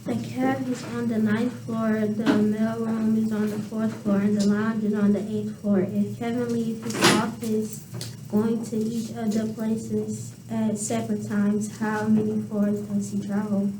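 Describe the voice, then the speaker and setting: Flat-voiced student reading aloud. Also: female voice, medium pitch, measured pace. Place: classroom. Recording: noisy, echoey classroom from far off.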